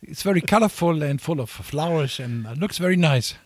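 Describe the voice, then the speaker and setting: A man from Cologne, a musician guest chatting in a podcast interview, lively and halting at times. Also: a little high, breathy edge, no echo, clean studio sound. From Cologne, Germany. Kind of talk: casual interview chat.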